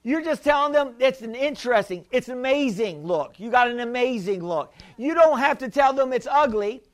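A man's voice: very high-pitched, animated, moderate pace. A male pastor preaching a sermon, emphatic and repetitive, often calling out for an amen.

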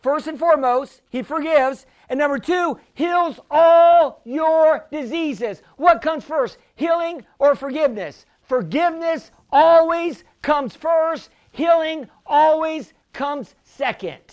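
A pastor preaching a healing sermon, fervent and often shouting, calling for responses from the congregation. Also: male voice, very high voice, unhurried, hardly any pauses, lo-fi sound.

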